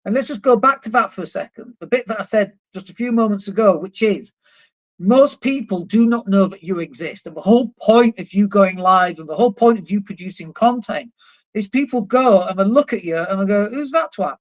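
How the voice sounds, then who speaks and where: A man's voice: high voice, a little fast. A man and marketing coach, talking casually on a livestream. He is blunt and emphatic and swears now and then. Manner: blunt, emphatic, swears casually, mocks objections in put-on voices. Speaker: marketing coach and live streamer. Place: indoors at a computer, living in Spain.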